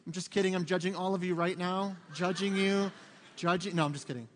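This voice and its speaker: A high-voiced male pastor preaches in a church with a long, ringing reverb. He tells funny stories against himself and acts out the lines of the people in them. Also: fairly even intonation, a little fast, slight background noise. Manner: humorous, self-mocking storytelling with acted-out quotes. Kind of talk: sermon. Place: church sanctuary.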